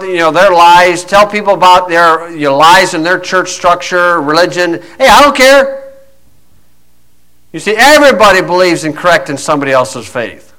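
A man's voice: high-pitched, sharp tone, rough recording. A man preaching a blunt monologue in a combative, scornful, folksy way, full of fillers.

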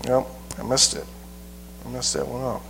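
A man preacher teaching a Bible passage verse by verse in a folksy, halting way, often repeating his words. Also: medium pitch, sing-song, a bit bright, slight background noise, low-quality recording.

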